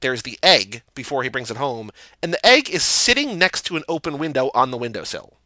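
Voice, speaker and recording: A man hosting a podcast in casual chat, talking in an animated way with quick restarts and easy laughs. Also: mid-range voice, dry recording, poor audio. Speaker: podcast host.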